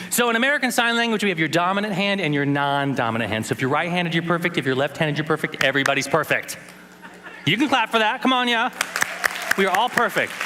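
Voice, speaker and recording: Speaking in a big conference hall, a thirtysomething man with a high voice delivers a lighthearted keynote on sign language, ribbing the audience with jokes. Background noise runs beneath him.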